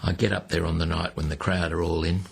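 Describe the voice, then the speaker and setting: Australian male storyteller for an interview, low gravelly voice, acts out the people in his stories. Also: fast talker. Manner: lively storyteller who acts out the people he quotes. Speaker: entertainer interviewee.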